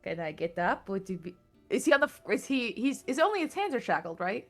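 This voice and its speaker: A woman's voice: medium pitch, big pitch swings, fast talker, soft background music. A woman chatting as a player in a tabletop game, playful and laughing often. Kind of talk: casual tabletop play chat.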